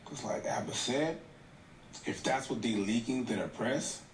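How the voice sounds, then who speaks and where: A man co-hosting a casual commentary show, talking in an animated way with quick asides. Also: medium pitch. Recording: roomy echo, faint room noise.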